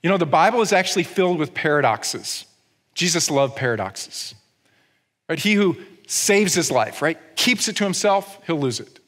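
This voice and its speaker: A man's voice: fairly high pitch, expressive, normal speed, fairly bright tone. A male pastor giving a sermon in a conversational, humorous way, often checking in with the audience. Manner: humorous asides. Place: church. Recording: long reverb in a church hall.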